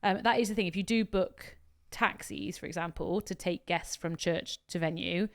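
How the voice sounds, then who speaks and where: A woman co-hosting a podcast in a casual chat, blunt and animated, telling stories full of quoted dialogue. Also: fairly low pitch, moderate pace. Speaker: podcast co-host.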